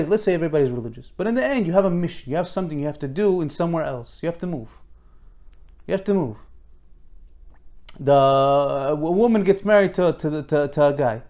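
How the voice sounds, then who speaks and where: Animated preacher acting out small dialogues. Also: male voice, high voice. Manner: animated, repetitive, acts out little dialogues. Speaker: rabbi giving a Torah talk. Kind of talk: informal sermon.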